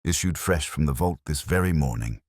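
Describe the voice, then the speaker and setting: A man's voice: very deep voice, expressive, brisk, darkish tone, husky, dry recording, clean studio sound, exaggerated voice. A man putting on a fussy, flustered bank manager. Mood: boastful. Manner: boastful, then stammering and flustered. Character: nervous pompous middle-aged male bank manager.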